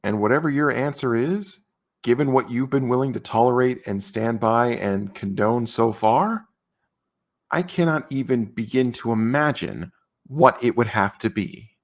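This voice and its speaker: Measured man narrating a commentary video. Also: mid-range voice. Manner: measured, pointed rhetorical delivery.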